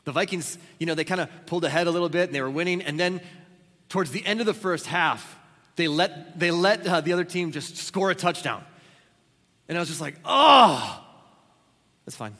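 A man preaching a sermon as pastor, telling stories with sudden loud exclamations. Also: fairly high pitch, fairly quick. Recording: long reverb of a large hall.

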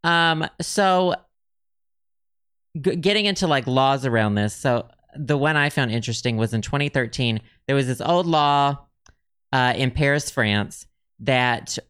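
Male podcast host, casual and rambling, smooth voice. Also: mid-range voice, a bit bright, dry recording, studio quality. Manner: chatty, rambling, reads facts aloud with many ums. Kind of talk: casual chat.

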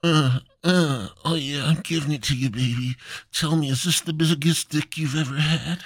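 A man's voice: a little high, normal speed, no room sound, pitched above the performer's own voice. A man doing a grunting boastful old geezer. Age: older. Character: boastful elderly husband in bed.

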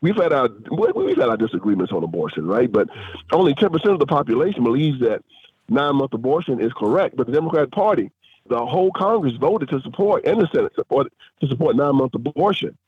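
A man's voice: mid-range voice, sing-song, quick pace, husky, no echo. A man being interviewed as a guest author and filmmaker, speaking emphatically and rising into preacher-like force. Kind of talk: interview over a phone line. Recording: tinny dry phone line.

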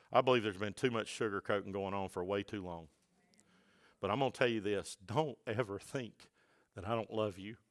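A middle-aged male pastor preaching a sermon, building from quiet talk to loud, impassioned preaching. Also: mid-range voice.

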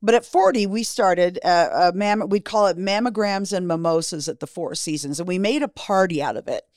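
A woman's voice: fairly low pitch, moderate pace, darkish tone, no room sound, studio quality. A woman in her fifties, a guest in an interview, telling her story bluntly, swearing freely and acting out what people said.

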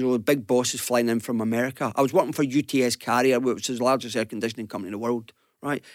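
Glaswegian man, radio guest, animated storyteller, mid-pitched, dry close studio sound. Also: no room sound. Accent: Glaswegian Scottish. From Glasgow, Scotland. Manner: lively storyteller, acts out quotes, chuckles. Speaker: business guest panellist.

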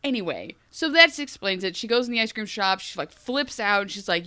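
A young woman co-hosting a casual TV recap chat, animated and quick to act out characters' lines. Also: mid-range voice, no room sound. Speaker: podcast co-host.

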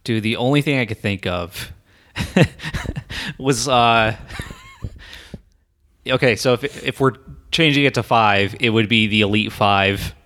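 A man's voice: lowish voice, slow, pauses often, bright, forceful tone. A man in casual chat, laid-back, laughing often, giving short replies.

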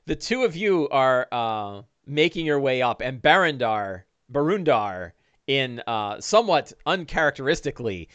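Relaxed man running a tabletop game. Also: medium pitch, moderate pace, no echo, lo-fi sound. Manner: relaxed, full of fillers and restarts, voices figures briefly. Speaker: dungeon master. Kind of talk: narrating a one-on-one tabletop game.

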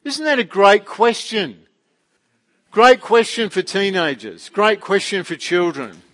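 A man preaching a casual sermon, animated and full of rhetorical questions. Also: high-pitched, slow pace. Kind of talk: conversational sermon.

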